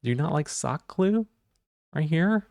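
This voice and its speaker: A man's voice: on the high side, lively intonation, a little slow, gravelly, darkish tone, no echo. A man streaming live, chatting casually and playfully while he repeats silly puns and rambles.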